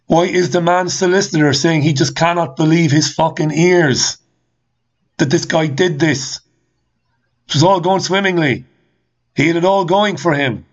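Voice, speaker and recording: A man's voice: fairly high pitch, a little slow. Male host, angry repetitive rant, rhetorical questions, slightly muffled lo-fi sound. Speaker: talk show host. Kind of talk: ranting monologue reading listener comments.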